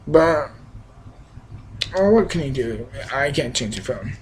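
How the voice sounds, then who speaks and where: A man's voice: mid-range voice, animated, slow pace, slight background noise, poor audio. A young man giving a casual, rambling film review, with frequent restarts, fillers and emphatic bursts. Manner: enthusiastic, emphatic. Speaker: movie reviewer.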